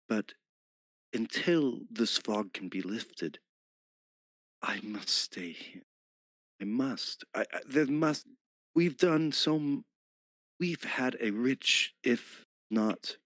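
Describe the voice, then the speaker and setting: A man's voice: lowish voice, no room sound, pitched above the performer's own voice. A man playing a humble bookish forest villager. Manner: earnest, halting, soft-spoken. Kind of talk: tabletop game role-play.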